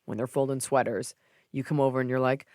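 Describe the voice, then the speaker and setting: A woman hosting a podcast, giving advice in a casual chat with sarcastic, deadpan jokes. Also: rumbling low, fast talker, no echo, studio quality. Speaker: podcast host.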